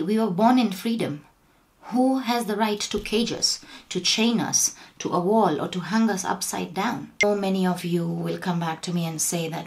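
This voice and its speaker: A young woman speaking straight to camera in an impassioned, pleading appeal, her voice shaking, sometimes dropping to a hushed whisper. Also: lowish voice, vocal fry. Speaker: vlogger.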